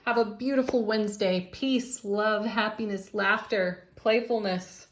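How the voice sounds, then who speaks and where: A woman's voice: medium pitch, steady tone, a little slow. A woman reading tarot and oracle cards in a casual, encouraging way, laughing often as she talks. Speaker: tarot and oracle card reader. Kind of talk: casual spiritual card reading.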